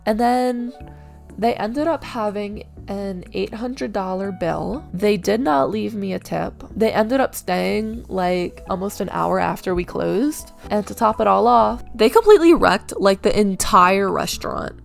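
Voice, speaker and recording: Young woman with a gravelly edge, chatty storytime over game footage, soft music behind. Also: mid-range voice, unhurried. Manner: chatty, with many "like"s and acted-out quotes. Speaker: gaming vlogger telling work stories. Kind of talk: casual storytime over gameplay.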